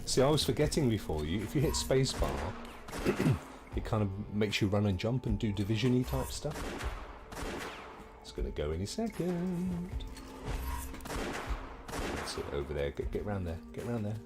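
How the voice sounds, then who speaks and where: Streamer: middle-aged Englishman, low-ish voice, animated and jokey with his chat. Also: normal speed, long pauses, music in the background. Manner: chatty and jokey, talks to viewers. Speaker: game streamer. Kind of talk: casual let's-play commentary.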